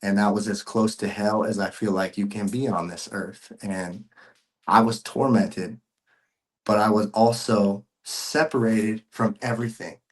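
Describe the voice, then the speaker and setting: A man's voice: fairly low pitch, fairly even intonation, measured pace. Earnest slangy man giving testimony. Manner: earnest, emotional, repeats himself, slangy. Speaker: podcast guest. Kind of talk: personal testimony, casual chat.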